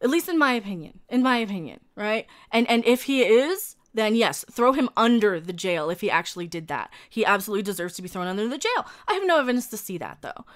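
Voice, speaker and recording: A woman's voice: mid-range voice, big pitch swings, fast talker, few pauses. A woman YouTuber ranting heatedly to camera, profane and combative, answering her critics directly and repeating herself when worked up.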